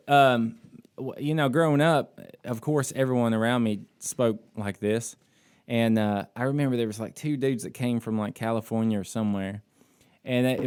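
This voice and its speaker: A man's voice: mid-range voice, clean tone. A man from the American South co-hosting a podcast, chatting in a laid-back way and telling stories over a video call. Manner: storytelling, laid-back, says dude a lot. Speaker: podcast co-host. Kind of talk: casual chat.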